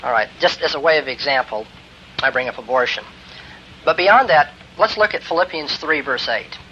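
Emphatic man lecturing on ethics, bright voice. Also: on the high side, lively intonation, moderate pace. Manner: emphatic, builds to forceful exclamations. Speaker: theology lecturer. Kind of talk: classroom lecture on Christian ethics. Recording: dull lo-fi lecture tape with faint hiss.

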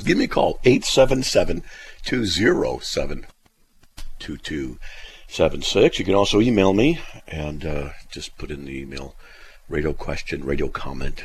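A man's voice: low-pitched, slight background noise. A middle-aged man hosting a radio show, telling rambling stories and laughing often. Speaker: radio host. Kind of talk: casual radio talk.

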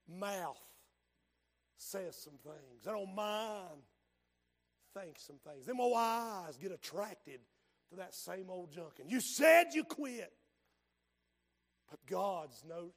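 An older man with a high voice delivers a passionate revival sermon and prayer. He moves back and forth between quiet tones and shouts, his voice cracking with emotion.

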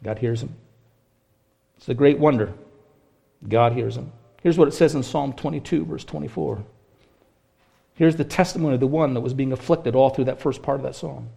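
Pastor guy preaching, mid-pitched voice, goes soft then builds up loud and fervent. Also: moderate pace, creaky, pauses often, breathy edge. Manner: impassioned preaching, swinging from hushed to ringing. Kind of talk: sermon.

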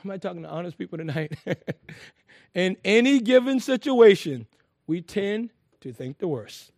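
A man preaching a sermon to a congregation, lively and emphatic, with frequent laughs and repeated phrases. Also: high-pitched, unhurried, no room sound, studio quality.

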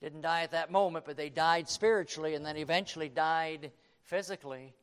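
A man preaching a sermon, quoting scripture and swinging from hushed tones to shouting. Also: fairly high pitch, fairly quick, clean tone. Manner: quotes King James scripture.

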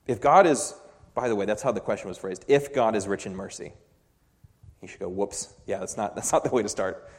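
Male preacher, sermon, impassioned, very lively pitch, long hall echo. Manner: impassioned, swings from quiet to loud emphasis.

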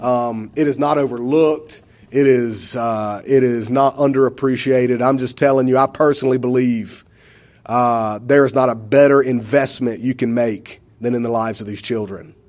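A man's voice: medium pitch, steady tone, moderate pace, a little mellow. A man, telling a church testimony in a rambling, emotional way with many fillers. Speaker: church member giving a testimony.

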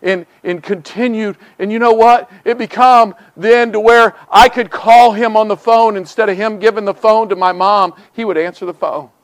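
A middle-aged man preaching a revival sermon, moving from hushed storytelling to fervent, near-shouted pleas. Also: sits high, steady tone, normal speed, few pauses, no echo.

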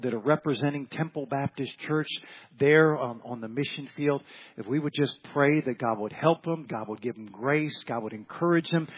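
A man's voice: on the high side, breathy edge, dull audio. A man preaching an evening church sermon as pastor, folksy and repetitive, often acting out the voices of people in his stories. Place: church sanctuary.

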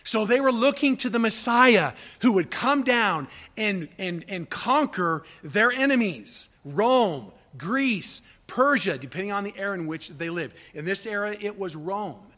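A man preaching a sermon with passion, swinging from quiet, low asides to loud, pleading cries. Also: animated, a little slow, few pauses. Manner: impassioned, rising to near shouts on quoted cries. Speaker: pastor.

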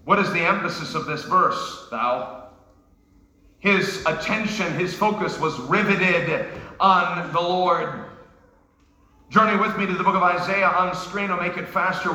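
Bright, high-voiced man preaching a sermon. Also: roomy sound, slight background noise, poor audio. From New York. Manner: emphatic, rising to shouts, with joking asides. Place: church sanctuary.

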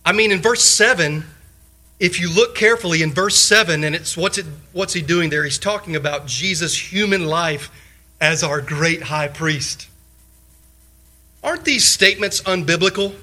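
A man's voice: a little high, moderate pace, pushed and bright, poor audio. A male pastor preaching a sermon, firing off rhetorical questions and repeating short phrases for emphasis. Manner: leans on short repeated exhortations.

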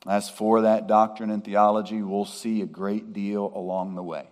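A man preaching a sermon in a measured way, with emphatic rises on key words. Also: lowish voice, little pitch movement, darkish tone. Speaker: pastor.

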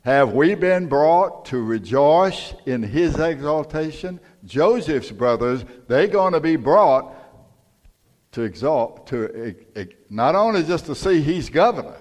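A man's voice: a little high, expressive, takes it slowly, a little mellow. An older male pastor preaching a sermon in a folksy, storytelling manner. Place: church sanctuary. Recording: long church reverb.

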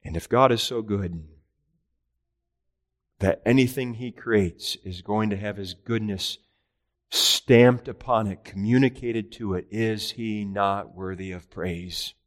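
A man preaching a catechism sermon with earnest, emphatic delivery, raising his voice for rhetorical questions and slowing down on key phrases. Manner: earnest preaching, rising in pitch and volume for emphasis. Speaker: pastor.

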